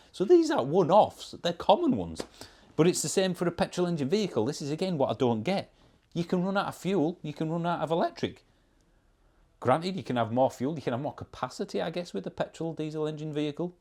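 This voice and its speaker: A car reviewer from Yorkshire, England, speaks casually in a vlog with a Yorkshire English accent. His voice is a little high and darkish, with lively intonation and a fairly quick pace, and he's wry and sarcastic as he reads out and answers comments.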